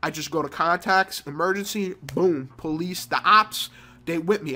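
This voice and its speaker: Bright-voiced, cursing man gaming vlogger. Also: a little high, moderate pace. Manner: rambling, profane storytelling. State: sick with a cold. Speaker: mobile game channel host. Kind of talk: casual gameplay commentary.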